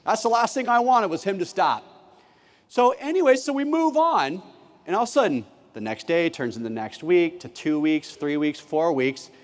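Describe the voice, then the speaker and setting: Keynote speaker, man, high and very lively voice, acts out every line of dialogue, big hall with long reverb. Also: moderate pace. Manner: animated, acts out classroom dialogue. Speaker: keynote speaker, former teacher. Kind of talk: conference keynote storytelling. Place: large conference hall.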